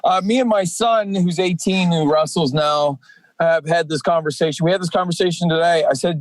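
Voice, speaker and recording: A man in his forties, a professional wrestler and podcast guest, talking at length in a rambling, energetic way with many fillers. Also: fairly high pitch, normal speed, no echo. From Canadian East Coast. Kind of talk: casual podcast chat.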